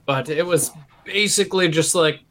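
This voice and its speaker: A man's voice: a little high, normal speed, a bit bright. A man co-hosting a podcast, telling a school memory in casual chat with a laid-back manner. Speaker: podcast co-host.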